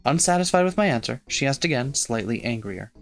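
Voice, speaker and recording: A man reads narration from a visual novel for his let's play. His voice is mid-pitched and steady. He reads plainly, line by line. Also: brisk, soft background music. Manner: steady first-person reading of game text.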